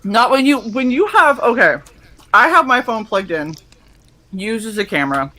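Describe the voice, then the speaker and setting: Bright-voiced, giggly stream co-host. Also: mid-range voice, lively intonation, a little slow, rough recording. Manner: laughs often, chatty storytelling. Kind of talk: casual chat.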